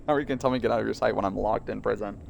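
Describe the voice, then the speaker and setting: A man's voice: lowish voice, vocal fry, a little hiss or hum. A young man giving casual, joking commentary while playing a video game. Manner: joking, animated, quick asides. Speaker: gaming channel host.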